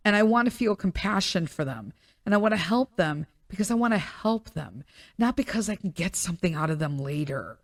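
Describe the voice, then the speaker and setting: Crying as she speaks, this woman in her thirties hosts a podcast and shares a personal story in a frank, emotional monologue full of fillers, often on the verge of tears. Her pitch is medium, and the sound is clean studio audio with no room sound.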